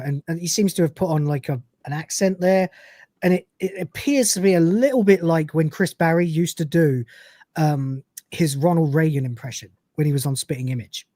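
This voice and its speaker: A man's voice: fairly high pitch, mellow, no room sound. A man hosting a podcast, recapping a TV episode in a chatty, rambling way and laughing often. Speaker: podcast host.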